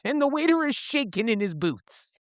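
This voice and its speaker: Podcast co-host, woman, expressive storyteller, dry close sound, swings her pitch all over. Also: measured pace, no echo. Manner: animated storyteller, swears freely, acts out quotes with pitch jumps. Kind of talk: casual book recap chat.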